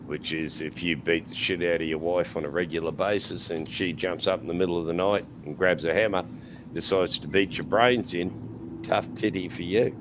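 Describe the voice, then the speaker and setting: A man's voice: low-pitched, steady tone, normal speed. An Australian man telling profane stories in casual podcast chat, acting out quotes and laughing. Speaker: podcast panelist. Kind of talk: casual chat, crude storytelling. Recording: noisy background.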